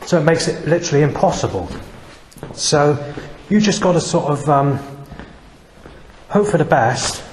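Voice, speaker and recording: A man giving a rambling, agitated vlog monologue, swearing often and circling back over the same points. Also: medium pitch. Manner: agitated, profane, repetitive. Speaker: vlogger. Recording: long reverb, faint background noise.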